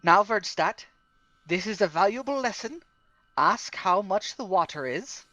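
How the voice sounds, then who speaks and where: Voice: medium pitch, animated, a little slow, pushed and bright, dry recording, highs cut off. A player in a tabletop game, bantering jovially in and out of character.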